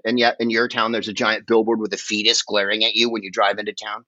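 A man's voice: mid-range voice, level tone, fast talker, fairly bright tone, dry recording, highs cut off. A man from the Bay Area chatting as a podcast guest, rambling and emphatic, swearing freely. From San Francisco Bay Area. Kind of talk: casual conversational storytelling.

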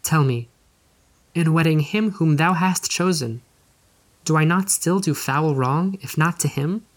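A man's voice: a little high, measured pace, voice pushed up, natural voice. A man reading the part of an anguished young noblewoman torn between duty and love, in earnest, pleading period diction. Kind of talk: audiobook reading.

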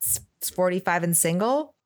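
A woman's voice: on the low side, lively intonation, moderate pace. A woman co-hosting a podcast, chatting casually with dry, joking asides. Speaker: podcast co-host. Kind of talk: casual chat.

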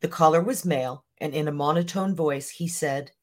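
A podcast host reading a scripted true-crime story in an even, measured way. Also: mid-range voice.

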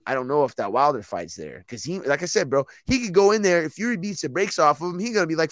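A man's voice: fairly high pitch, sing-song, fast talker, few pauses, fairly bright tone, dry recording. A man co-hosting a podcast, chatting loosely with lots of swearing and laughter. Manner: loose, profane, laughing banter. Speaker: podcast co-host. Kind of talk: casual chat.

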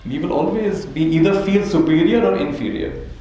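A man with a high, dark-toned voice speaks at a normal speed as a spiritual teacher before a live audience. He tells stories, chuckles often and checks in with "right?". The hall is very echoey, with faint noise.

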